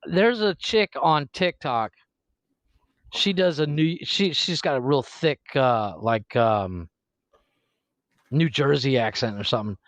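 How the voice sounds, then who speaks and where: A man co-hosting a podcast in casual chat, rambling and animated and often laughing. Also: mid-range voice, slow pace, pauses often, dry recording. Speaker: podcast co-host.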